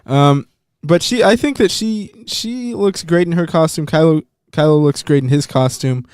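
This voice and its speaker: A man's voice: fairly high pitch, normal speed, a little mellow, clean tone, dry recording, clean studio sound. A man hosting a podcast in casual chat, talkative and hesitant with many ums. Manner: chatty, hesitant with frequent ums. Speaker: podcast host.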